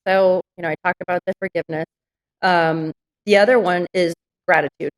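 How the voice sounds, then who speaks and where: A woman's voice: lowish voice, steady tone, brisk, poor audio. A woman business owner telling candid stories in an interview, frank and reflective with many fillers.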